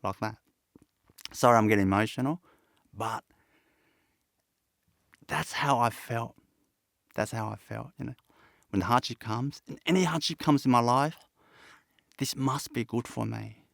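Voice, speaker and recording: A man leading a satsang as a spiritual teacher, his voice carrying a gravelly fry at an ordinary middle pitch. He talks in an earnest, reflective way, pausing often and restarting his sentences. The sound is dry, with no room around it. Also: a bit bright, dry recording. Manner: halting, reflective, with many pauses and restarts. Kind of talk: satsang talk.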